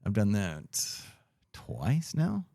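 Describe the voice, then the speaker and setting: A man hosts a relaxed podcast chat, laughing easily and cussing without a second thought. His voice sits low and is recorded close and dry on a podcast mic. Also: very slow, gravelly, dry recording. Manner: laid-back, laughs often, swears freely. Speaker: podcast host. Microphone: podcast mic on a mixer.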